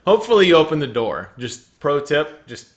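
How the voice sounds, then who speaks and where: A young man co-hosting a gaming podcast in casual chat, giggly and jokey and quick to slip into silly voices. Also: fairly high pitch, very animated, dull audio. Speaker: podcast co-host.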